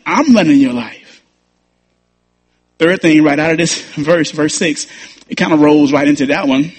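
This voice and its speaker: A man's voice: a little high, husky. A man, a pastor preaching an emphatic sermon with repeated phrases and stammered restarts.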